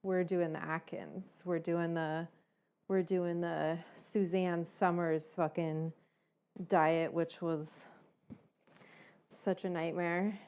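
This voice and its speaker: A middle-aged woman hosts a cooking livestream in a slightly lower register, rambling from one thought to the next. She swears casually and fills her talk with fillers while she chats to her viewers. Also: flat delivery, slow pace, a little mellow, clean tone. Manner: rambling, chatty and profane, with frequent fillers. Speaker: cooking show host.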